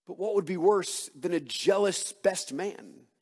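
A male pastor preaching a sermon, emphatic and full of rhetorical questions, swinging between hushed and loud delivery. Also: high-pitched, a little slow. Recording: long hall reverb.

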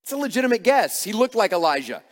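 A man's voice: high-pitched, sing-song, quick pace, big-room sound. A man preaching a sermon, earnest and emphatic, asking rhetorical questions as he explains a passage. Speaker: pastor.

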